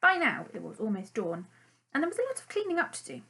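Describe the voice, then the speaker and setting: A woman narrating a children's storybook chapter in an expressive, animated storytelling manner. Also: fairly high pitch, fast talker, creaky, noisy background. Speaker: audiobook narrator.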